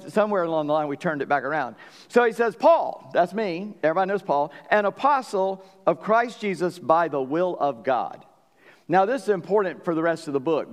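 A man preaching a sermon as pastor, talking in a folksy, conversational way and often asking the congregation if they follow. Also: on the high side. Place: church sanctuary. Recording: long reverb of a church hall.

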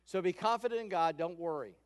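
A man's voice: sits high, fast. Man preaching casually in a reverberant hall. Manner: conversational storytelling, acting out quotes. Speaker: pastor. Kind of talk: sermon.

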